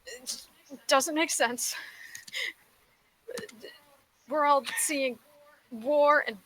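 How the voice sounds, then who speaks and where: A woman's voice: high-pitched, fairly even intonation, slow, fairly bright tone, pitched above the performer's own voice, rough recording. A woman voicing Plume, an exasperated adventurer who only wanted treasure, ranting in character.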